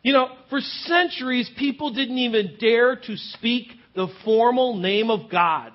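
A man's voice: high-pitched, lively intonation, a little slow, highs cut off. A male pastor giving a conversational sermon, with casual joking asides to the congregation.

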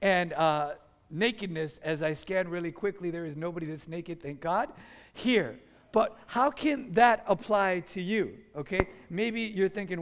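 A man from the United States preaching a sermon to a congregation, animated and urging them to call back responses. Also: high-pitched, measured pace, big-room sound. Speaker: pastor. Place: church sanctuary.

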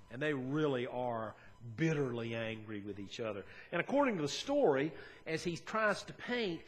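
Preaching earnestly yet conversationally, this male pastor alternates between hushed moments and forceful ones. He has a mid-range voice.

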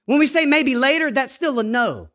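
Man, pastor, high voice, sermon, hushed then emphatic, rhythmic repetition. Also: lively intonation, moderate pace. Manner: dynamic preaching, swings from hushed to emphatic.

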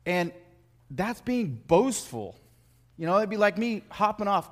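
This American preacher sounds high, sing-song and fairly bright, talking a little slowly. He delivers his sermon like a conversation, with personal anecdotes, jokes on the side, and stumbling restarts where he repeats words.

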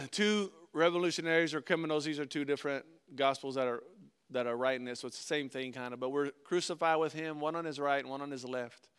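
A man preaching a sermon and reading scripture aloud, earnestly swinging between loud stresses and hushed, slowed phrases. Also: fairly high pitch, steady tone, clear, resonant tone. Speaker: pastor.

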